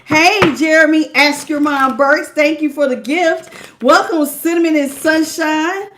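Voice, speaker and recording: A woman runs a live tarot reading, her voice sitting high. She keeps laughing, drops into casual slang and sometimes acts out the lines of the people she reads about. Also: unhurried, background noise. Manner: laughs often, slangy and playful. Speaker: tarot reader.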